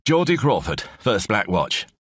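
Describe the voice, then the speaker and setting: A man's voice: on the low side, sing-song, measured pace, a bit bright, husky, no echo, clean studio sound, full character voice. A male narrator voicing a hearty Scottish army officer with a Scottish accent.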